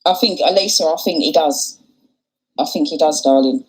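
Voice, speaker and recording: A woman's voice: deep voice, normal speed, low-quality recording. A woman hosting a casual livestream, talking bluntly and swearing often. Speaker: livestream host. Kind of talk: casual live commentary.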